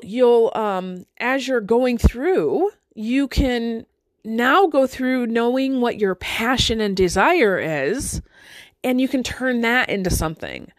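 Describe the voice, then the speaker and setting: A woman's voice: a little high, no room sound. A middle-aged woman life coach giving a motivational talk to listeners, conversational and full of rhetorical questions and "right?".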